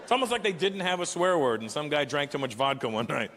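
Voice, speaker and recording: A man from Canada in his fifties, performing live stand-up with brash, animated storytelling. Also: a little high, fast, few pauses, noisy background. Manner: animated, brash storytelling that jumps into character voices. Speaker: stand-up comedian. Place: large live venue. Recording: echoey hall with loud ambience.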